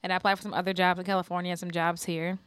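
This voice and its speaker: A woman's voice: on the low side, flat delivery, racing, fairly bright tone, clear, resonant tone, no room sound, studio quality. A young woman from New Orleans co-hosting a podcast, chatting casually with lots of laughter and playful banter. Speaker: podcast co-host. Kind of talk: casual chat.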